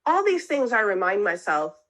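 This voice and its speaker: A woman's voice: medium pitch, sing-song, moderate pace, fairly bright tone, poor audio. A woman therapist giving a talk on couples communication. She explains step by step, keeps checking in with "okay?", and acts out sample phrases. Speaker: marriage and family therapist. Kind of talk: teaching a mental health talk.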